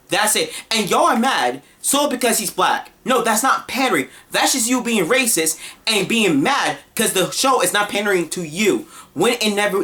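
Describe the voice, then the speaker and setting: A commentator on a heated rant, talking at a medium pitch in a blunt, scolding way. The delivery is exasperated and loaded with casual slang, like someone fed up with their audience. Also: sharp tone. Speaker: online commentator.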